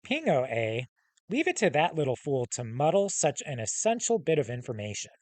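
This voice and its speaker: A man voicing a huge, scarred male hellhound with a calm, commanding manner and measured, formal speech. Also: fairly high pitch, dry recording. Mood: formal, assured. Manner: measured, formal speech with slow, stressed titles.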